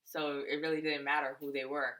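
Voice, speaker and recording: Woman in her thirties, low pitch, bright tone, teasing and animated, casual couple chat. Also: a little fast, slight background noise, rough recording. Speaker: podcast co-host.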